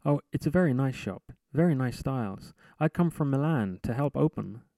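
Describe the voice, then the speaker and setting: A man's voice: mid-range voice, lively intonation, moderate pace, creaky, dark tone, no room sound, voice pushed up. A man voicing a polite, apologetic Italian salesman from Milan with an Italian accent. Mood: eager, chatty. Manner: eager, over-polite.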